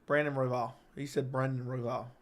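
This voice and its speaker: A man's voice: mid-range voice, little pitch movement, fairly quick. A young man hosting a live-stream chat, rambling and joking as he reads viewer comments aloud.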